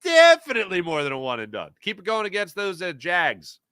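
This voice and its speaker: A man hosting a casual sports talk show, talking emphatically and answering live chat with quick asides. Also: fairly high pitch, big pitch swings, sharp tone, clear, resonant tone, no room sound, studio quality.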